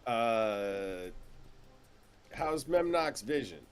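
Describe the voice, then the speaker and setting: A man's voice: mid-range voice, very animated, extremely slow, smooth. A man playing a tabletop game in a casual, joking way. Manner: joking, playful. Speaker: player.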